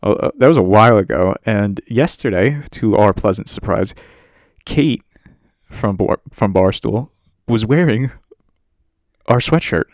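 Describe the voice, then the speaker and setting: A man rambles through a profane, self-mocking rant on a casual podcast. His voice sits low, and the sound is dry and close with no room around it. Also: animated, measured pace, a little mellow, no room sound. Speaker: podcast host. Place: home setup while on a muted work meeting.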